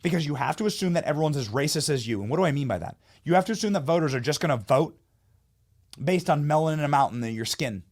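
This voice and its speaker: This political commentary host speaks fast with lively intonation and a slightly high voice. He's heated, mocking, and emphatic as he gives an opinionated monologue.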